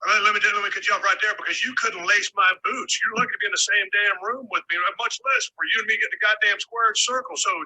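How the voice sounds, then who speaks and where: A man's voice: high-pitched, fairly even intonation, fast talker, hardly any pauses, pushed and bright, exaggerated voice, poor audio. A man playing a furious old wrestler. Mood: threatening. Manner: blustering, cussing, threatening. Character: irate veteran wrestler host, male, older. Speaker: wrestling podcast host, played from a clip. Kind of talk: staged comedic argument.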